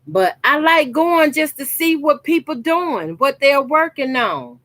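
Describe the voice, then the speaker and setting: Slow-talking woman quilter. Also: high-pitched, sing-song, a bit bright, no room sound. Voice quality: colloquial, chatty, emphatic repetition. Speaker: sewing channel host. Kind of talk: casual chat while sewing. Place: her sewing corner at home.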